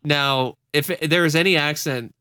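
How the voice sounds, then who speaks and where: A man's voice: a little high, moderate pace, pushed and bright, clean tone, no room sound, clean studio sound. A man hosting a casual podcast, telling a story in a wry, rambling way with frequent laughs. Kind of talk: casual chat.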